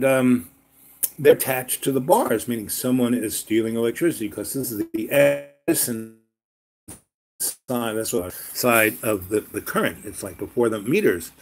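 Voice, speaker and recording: A man of middling pitch hosts a live chat. He tells a long story in a loose, rambling way, stopping and restarting often. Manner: rambling, with many fillers and restarts. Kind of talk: casual storytelling monologue.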